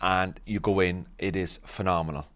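A man, a podcast guest, telling stories in animated casual chat. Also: deep voice, normal speed. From Ireland. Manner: animated storytelling.

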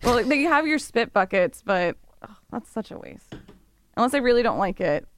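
A woman's voice: a little high, very animated, moderate pace, no room sound. A woman on a radio show telling a story in casual chat, giggling often.

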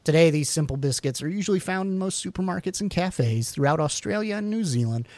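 A man's voice: on the high side, lively intonation, brisk, darkish tone, dry recording. A man co-hosting a podcast, reading food facts aloud with jokey asides and the odd stumble over words. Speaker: podcast co-host.

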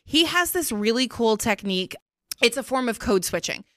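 Blunt, animated woman podcast host. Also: a little high, normal speed, no echo, studio quality. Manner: blunt, animated, swears freely. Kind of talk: casual chat.

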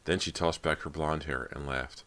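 A man's voice: rumbling low, steady tone, moderate pace, a bit bright. A man narrating a horror audiobook in a dramatic storytelling manner. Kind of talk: scripted narration.

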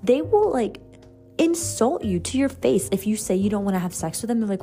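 A woman's voice: medium pitch, expressive, brisk, warm tone, soft background music. A young adult woman hosting a solo podcast, chatting candidly and rambling with lots of fillers and casual swearing. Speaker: podcast host.

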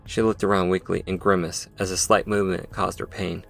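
A man giving a measured, dramatic scripted narration of a story. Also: deep voice, little pitch movement, gravelly, a bit bright, faint music behind. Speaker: audiobook narrator.

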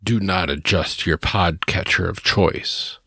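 Deep, gravelly man announcing. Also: slow pace, sharp tone, no room sound, studio quality. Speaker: show announcer. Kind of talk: scripted announcer intro.

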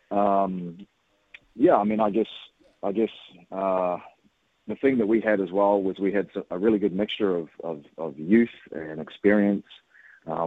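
Low-voiced New man on a phone line. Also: no room sound. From New Zealand. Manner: relaxed, many fillers and restarts. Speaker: radio guest, sports coach. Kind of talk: phone interview.

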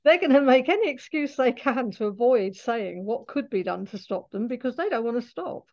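A woman's voice: fairly high pitch, animated, moderate pace, a little mellow, lo-fi sound. A Scottish woman, a guest in an interview, explaining her work at length in a chatty way and laughing often. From Scotland. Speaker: animal communicator guest. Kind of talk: interview conversation.

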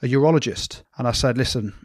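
A man's voice: mid-range voice, fairly quick, dry recording, clean studio sound. A man cohosting a podcast, telling a self-mocking story in casual banter and laughing often. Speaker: podcast co-host.

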